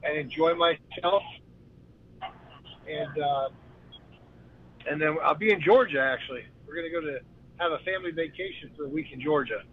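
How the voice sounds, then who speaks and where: A male caller phones in to a talk show and talks in a relaxed, friendly way, pausing on "uh" as he goes. His voice sits a bit high, and it comes through a muffled, lo-fi line. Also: a little hiss or hum. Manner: laid-back, friendly, hesitant with fillers. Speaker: call-in guest. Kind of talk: casual phone-in chat.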